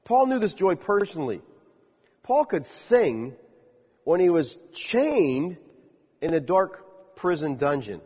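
A man preaching a sermon as a pastor, lively, with rhetorical questions and dry humorous asides. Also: a little high, slow pace, pauses often, breathy edge. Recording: dull lo-fi sound with long reverb.

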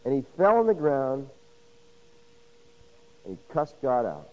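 A man preaching a sermon, swinging from loud emphasis to hushed, intimate lines and acting out quoted voices with rhetorical questions. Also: mid-range voice, huge pitch swings, takes it slowly, muffled recording. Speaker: pastor.

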